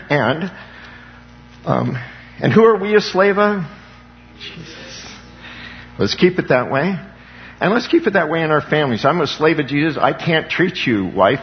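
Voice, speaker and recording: Fired-up preaching man, slightly high voice. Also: highs cut off. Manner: impassioned, calls for amens from the congregation. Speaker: pastor. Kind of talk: sermon.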